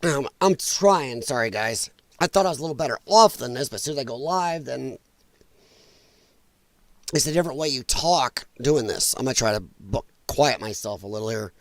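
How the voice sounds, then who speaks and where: This livestream host speaks in a mid-range voice at normal speed, with no room sound. On his casual political commentary stream he is blunt and fed up, coughing repeatedly from an irritated throat and apologizing again and again.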